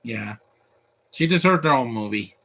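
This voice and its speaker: A man's voice: medium pitch, expressive, measured pace, sharp tone. A man giving live commentary while watching a cartoon, rambling and offhand, with joking asides.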